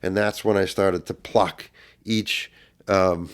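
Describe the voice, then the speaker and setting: A middle-aged man speaks as a podcast guest, recounting a personal ordeal with earnest emotion. His voice sits low and deep and is smooth and resonant, and it grows louder when the story turns intense. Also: steady tone, takes it slowly.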